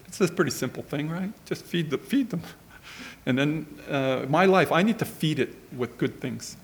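A man's voice: fairly high pitch, animated, normal speed. A middle-aged man telling a rambling, conversational story as part of a sermon. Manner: rambling, conversational anecdote with many asides.

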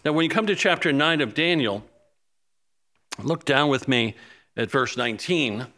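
A man delivers a fervent, animated sermon at a moderate pace. His voice climbs into urgent pleading whenever he quotes prayers and sinks low and soft as he lists needs.

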